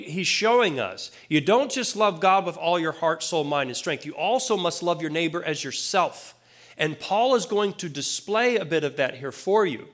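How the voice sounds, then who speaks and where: A man's voice: high voice, fairly bright tone. A man preaching a sermon in a plain-spoken, conversational way, with casual asides to the congregation. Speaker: pastor.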